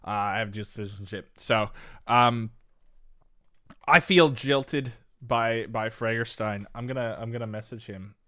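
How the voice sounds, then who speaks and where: A young man from Canada, chatting casually as he streams chess, rambling and swinging between low mumbles and loud exasperated bursts. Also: a little slow, no echo, clean studio sound. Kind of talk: casual live-stream chat.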